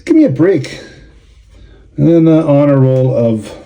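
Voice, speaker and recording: A man's voice: a little high, animated, unhurried, vocal fry, mellow. A middle-aged man, casually grumbling and sarcastic while opening trading cards for a vlog. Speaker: card collector and show organizer.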